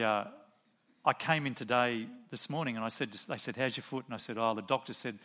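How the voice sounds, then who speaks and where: A man's voice: medium pitch, fairly bright tone. A middle-aged man preaching a sermon, telling a story and asking rhetorical questions of the congregation.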